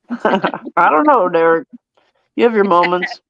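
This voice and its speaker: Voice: medium pitch, slow pace. A laid-back podcast host tells stories in casual chat, laughing often and slipping into the voices of the people in them. The sound is dull and lo-fi. It is dry, with no room echo. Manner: animated storyteller who acts out quoted voices.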